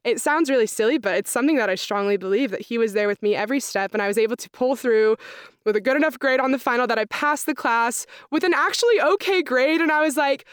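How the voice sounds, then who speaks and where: A young adult woman, an accounting student, tells her story in a casual interview, chatty and full of "like" fillers as she reenacts her own thoughts. Her voice sits on the high side and she talks fast. The tone is clean, with no room sound and a clean studio quality.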